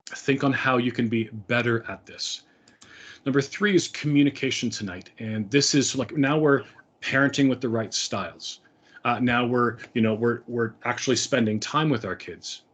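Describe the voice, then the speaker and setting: A man's voice: medium pitch, moderate pace, fairly bright tone. A middle-aged man giving an earnest, conversational talk to parents, with frequent fillers and restarts. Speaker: speaker.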